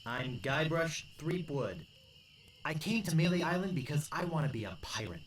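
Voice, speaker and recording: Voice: mid-range voice, big pitch swings, moderate pace, slight background noise, close to an everyday voice. Guybrush, an actor voicing a naive would-be pirate. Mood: earnest. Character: young male wannabe pirate, earnest and naive. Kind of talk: video game voice acting.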